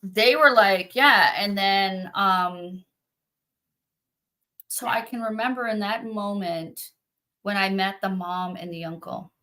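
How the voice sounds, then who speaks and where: A middle-aged woman, a psychic medium guest, telling her story in an interview with animated quoting. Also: slow. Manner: animated, acts out quotes in a high voice.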